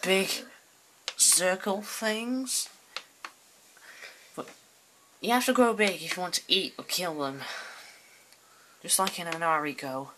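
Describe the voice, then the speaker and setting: A deadpan woman chats dryly while she plays a game. She talks slowly in a lowish voice with a bright, forceful tone. A faint hiss of noise sits behind her. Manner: dry, deadpan. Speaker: gamer. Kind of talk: casual chat while playing.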